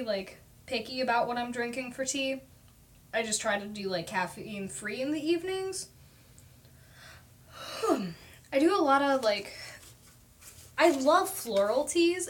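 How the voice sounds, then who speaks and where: A young woman from Oklahoma hosting a casual live stream at home, talking fast and rambling chattily. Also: high voice. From Oklahoma, USA. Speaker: livestream host. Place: at home at her desk.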